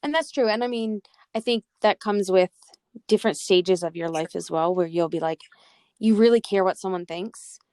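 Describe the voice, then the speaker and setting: A woman's voice: mid-range voice, moderate pace, a little mellow, dry recording, clean studio sound. A young adult woman guest on a podcast, speaking earnestly and openly. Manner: earnest, open and reflective. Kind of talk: casual podcast interview.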